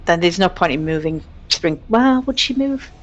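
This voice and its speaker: A woman's voice: on the low side, animated, normal speed, muffled recording, slight background noise. A woman playing a tabletop game, thinking aloud casually with fillers. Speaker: player.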